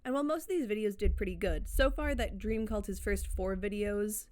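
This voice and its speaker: A woman's voice: medium pitch, brisk, darkish tone. A woman narrating a casual commentary video essay, chatty and digressive with playful sarcasm. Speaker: commentary YouTuber.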